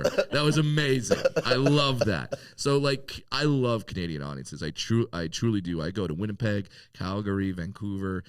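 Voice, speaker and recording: Deep-voiced man, joking and swearing. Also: animated, moderate pace, hardly any pauses, over a noisy crowd. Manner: loose and joking, swears casually, many restarts. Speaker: guest comedian. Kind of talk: casual interview chat.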